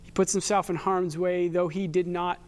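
A man with a high voice gives a sermon, preaching in a relaxed, conversational way. He mixes scripture with everyday stories from his own life. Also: moderate pace, smooth. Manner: conversational preaching with personal anecdotes. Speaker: pastor.

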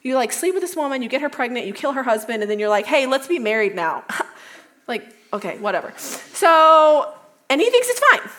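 Chatty young woman, slightly high voice. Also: big pitch swings, moderate pace, sharp tone. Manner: chatty, lots of "like", self-correcting. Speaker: youth speaker. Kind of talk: casual youth talk retelling a Bible story.

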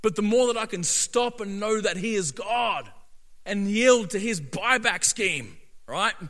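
A man preaching a sermon as pastor, emphatic, asking "right?" again and again and building up to shouting. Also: high voice, expressive, a little slow. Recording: long reverb of a large hall.

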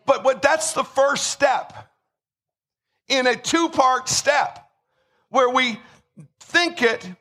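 A man preaching a sermon with emphasis, repeating words and rising to shouts. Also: very high-pitched, slow pace, long pauses. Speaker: pastor.

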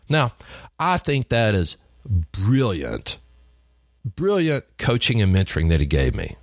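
A middle-aged Texan man coaching salespeople in a folksy, emphatic storytelling style. His voice sits fairly low, and his pitch swings widely for emphasis. The sound is dry and close. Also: huge pitch swings, a little slow, pauses often, dry recording. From Texas. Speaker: sales trainer.

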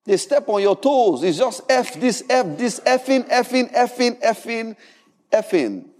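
A man preaching a sermon in an animated, humorous way, often repeating words. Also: extremely high pitch, measured pace, long reverb tail. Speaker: pastor.

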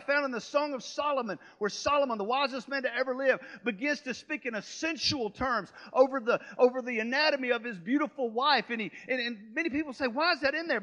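A man preaching a sermon, telling a story and swinging between hushed and loud, fervent passages. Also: very high voice. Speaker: pastor.

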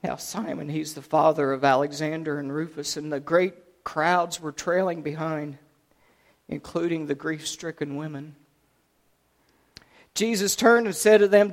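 Guy preaching, kinda high voice, tells the story big and loud then drops real quiet. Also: steady tone, measured pace. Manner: dramatic, swings from loud to hushed. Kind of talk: sermon retelling scripture.

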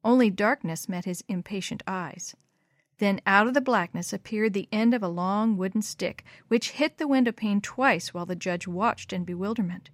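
A woman reads a storybook aloud in a clear, measured voice. Her pitch sits in the middle, and the sound is close and dry. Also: dry recording. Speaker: narrator. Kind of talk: storybook reading.

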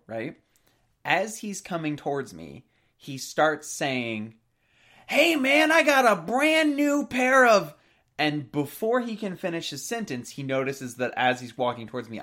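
A man telling an anecdote in a casual podcast chat, animated and often laughing as he talks. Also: medium pitch, normal speed. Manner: animated storyteller, laughs through lines.

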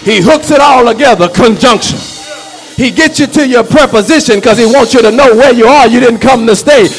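A man preaching a sermon as pastor, shouting and calling out to the congregation. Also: very high voice, brisk, soft background music. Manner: shouting, preacherly call-and-response.

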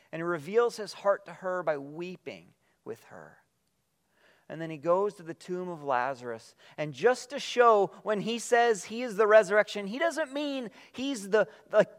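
A man preaching a sermon, earnest and reflective, reading scripture aloud and letting his voice drop softly at the ends of phrases. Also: sits high. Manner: reads scripture aloud with quiet emphasis. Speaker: pastor.

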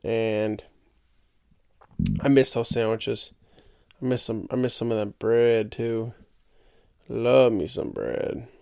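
A man's voice: mid-range voice, takes it slowly, vocal fry, long pauses, mellow, clean tone, dry recording, clean studio sound. A young man hosting a podcast, rambling and joking in casual solo chat and tripping over his own words. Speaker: podcast host.

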